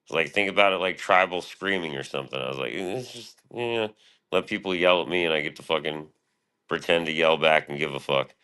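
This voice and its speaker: A man's voice: very deep voice, quick pace, bright, forceful tone, clean tone. A man streaming live, rambling casually and profanely about his past and his show, often quoting himself.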